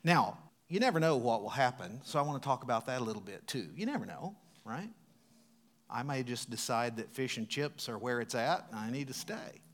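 A man preaching a sermon in a church. His delivery is dramatic and swings from loud, emphatic lines down to hushed, near-whispered ones. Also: mid-range voice, expressive, fairly quick. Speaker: pastor. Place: church sanctuary.

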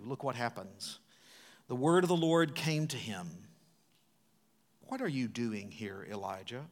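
A man preaching a sermon in a church. His delivery is dramatic and swings from loud, emphatic lines down to hushed, near-whispered ones. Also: medium pitch. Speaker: pastor. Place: church sanctuary.

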